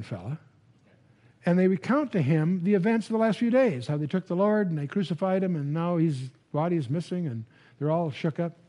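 A man's voice: high-pitched, mellow. A man teaching the Bible to a live audience in a conversational lecture style, often restarting with repeated words and asking the listeners questions.

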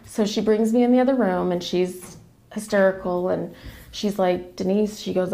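A woman's voice: medium pitch, steady tone, moderate pace, vocal fry, mellow. A woman, a podcast guest, recounting a family story casually and acting out the quoted dialogue as she goes.

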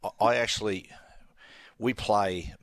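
Deep-voiced Australian man telling stories. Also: fairly even intonation, a little slow, a bit bright. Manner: storytelling, self-mocking, laughing. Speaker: host. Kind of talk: casual chat.

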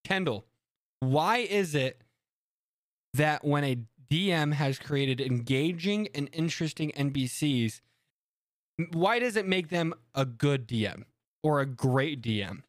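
A man co-hosting a casual podcast chat, animated and quick to joke and laugh. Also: on the high side, no room sound, clean studio sound. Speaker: podcast co-host.

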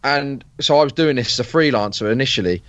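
A man's voice: mid-range voice, fast talker, fairly bright tone, dry recording, muffled recording. A man, a podcast guest chatting casually, rambling with plenty of fillers and restarts. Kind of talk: casual chat.

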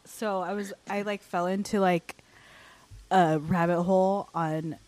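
A woman's voice: lowish voice, steady tone, a little slow, a little mellow, no room sound. A young woman telling a story in casual chat, rambling with many restarts and fillers.

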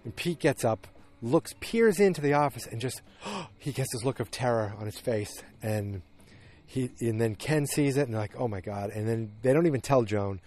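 A podcast host recaps a TV episode in a casual, meandering monologue full of restarts and fillers. His voice is medium-pitched and a little mellow, with lively intonation at a moderate pace.

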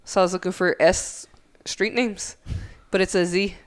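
A woman's voice: lowish voice, steady tone, normal speed. A woman in casual podcast chat, frank and swearing, laughing at her own mix-ups.

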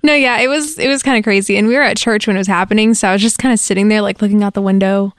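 A woman from Texas in casual chat, talkative and quick to laugh, saying "like" often. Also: mid-range voice, fairly even intonation, clear, resonant tone, no room sound, studio quality. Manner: chatty, laughs often, lots of "like".

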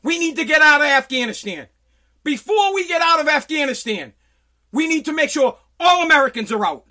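High, bright-voiced ranting man. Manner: profane, shouting in bursts. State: sweating. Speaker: podcast host. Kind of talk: angry political rant. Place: home basement.

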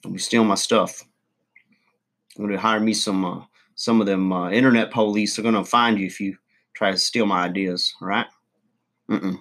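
A man's voice: mid-range voice, a bit bright. A man telling a rambling, self-important comic story to his channel's viewers. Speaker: channel host. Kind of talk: comedic character monologue to camera.

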